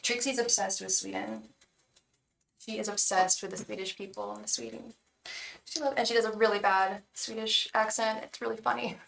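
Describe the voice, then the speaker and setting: A bright, sharp-toned woman chats to her live viewers as a tarot reader. She sounds warm toward them and full of fillers and repeats. She sits some way from the mic, and the room adds an echo to her voice. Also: on the high side, fairly even intonation, moderate pace, gravelly, far from the mic, a little hiss or hum. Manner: chatty and encouraging, repeats words, many fillers. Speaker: tarot reader and psychic on a livestream. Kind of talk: casual chat to live viewers. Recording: roomy echo, voice away from the mic.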